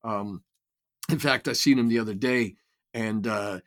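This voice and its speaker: Older man telling stories, halting. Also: lowish voice, a bit bright. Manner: reflective storytelling with many restarts. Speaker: guest, writer and creator. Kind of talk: casual interview chat.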